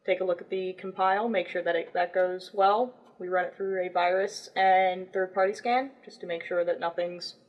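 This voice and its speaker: A woman's voice: on the low side, fairly even intonation, normal speed, few pauses, dull audio. A woman who is a guest on a livestream, explaining marketplace work in brief, matter-of-fact answers. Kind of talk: casual livestream chat.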